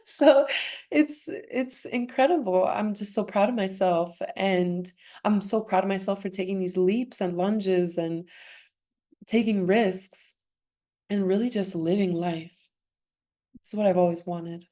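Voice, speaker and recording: A woman's voice: mid-range voice, a little slow, mellow. A young woman, a former swimmer, speaking as a podcast guest in an earnest, emotional way, laughing often and restarting her sentences. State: emotional, close to tears. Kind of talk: heartfelt conversational interview.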